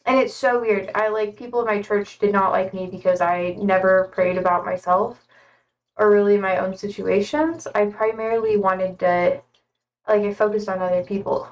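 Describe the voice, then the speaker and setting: A woman's voice: medium pitch, steady tone, moderate pace, distant mic, rough recording. A young woman streamer chatting casually in a rambling way with many fillers. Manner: rambling, many fillers, talking to her cats. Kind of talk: casual chat.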